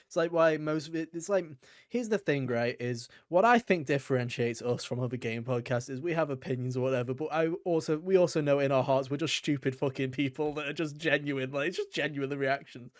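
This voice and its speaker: A man's voice: medium pitch, fairly quick, dry recording, clean studio sound. A man co-hosting a gaming podcast in casual chat, joking and mocking himself, often breaking into laughs. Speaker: podcast co-host.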